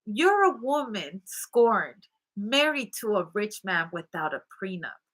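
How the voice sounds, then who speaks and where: A woman voicing a shrewd, blunt, wealthy older mother-in-law while retelling a story, her voice dropping lower and quieter. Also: very animated, a little slow. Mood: cool, confiding.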